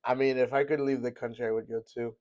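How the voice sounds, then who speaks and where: A hoarse male streamer whose voice is nearly gone, chatting loosely, reading chat aloud and laughing as he reacts to clips. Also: mid-range voice, little pitch movement, fast talker, darkish tone, highs cut off. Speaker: streamer host.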